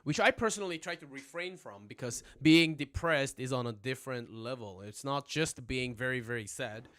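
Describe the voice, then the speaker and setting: A young man teaching a casual livestream language lesson, chatty and animated, always checking in with his viewers. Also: mid-range voice, moderate pace.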